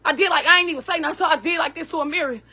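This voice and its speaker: A woman tells an emotional personal story in a high, bright, sharp voice. She talks emphatically and keeps checking in with her listener, asking "you hear me?" again and again. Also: rapid-fire. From Southern United States.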